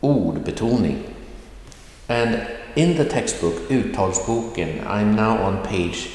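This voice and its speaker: Slow, deliberate male teacher in echoey room. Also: lowish voice, expressive, a little mellow. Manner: slow, deliberate, repeats words for pronunciation. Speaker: language teacher. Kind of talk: recorded video lesson. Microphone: whiteboard in hand, camera at a distance.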